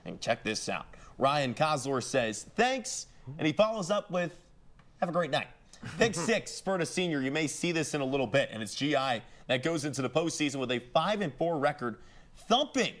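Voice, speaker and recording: Man, sports highlights anchor, energetic, joking, fairly high voice. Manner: energetic, joking, punchy play-by-play calls. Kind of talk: high school football highlights commentary.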